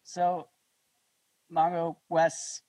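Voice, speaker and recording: A laid-back man hosts a podcast in casual conversation. His voice is a bit higher than most men's and sounds close and dry. He often chuckles between phrases. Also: monotone, very slow, warm tone, dry recording, rough recording. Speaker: podcast host. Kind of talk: casual interview chat.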